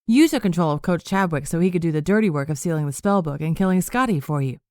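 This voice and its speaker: A woman's voice: on the low side, lively intonation, quick pace, a little mellow, no room sound, studio quality, lightly acted. A woman reading as a bold young witch. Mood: defiant. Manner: firm, demanding. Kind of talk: audiobook character reading.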